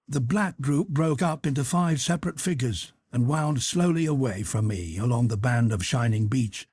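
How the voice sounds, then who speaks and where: A man narrating an audiobook in a measured, even storytelling manner. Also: medium pitch, breathy edge, no room sound. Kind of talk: scripted narration.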